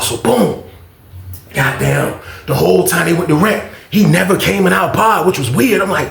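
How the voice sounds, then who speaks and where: A man with a gravelly, fry-heavy voice that sits a bit high, telling his story in an animated, profane way. He acts out every part of the conversation himself. The sound rings in an echoey room. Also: moderate pace. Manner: animated, profane, acts out both sides of dialogue. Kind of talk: casual storytime vlog.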